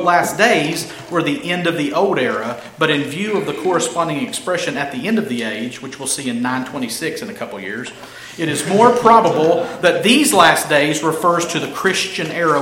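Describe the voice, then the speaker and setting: A man delivers an expository sermon, pressing hard on key phrases and drawing them out slowly. His voice sits a little high and rings bright and forceful. The room echoes around him, with a faint ambience behind. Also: a little hiss or hum. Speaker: pastor.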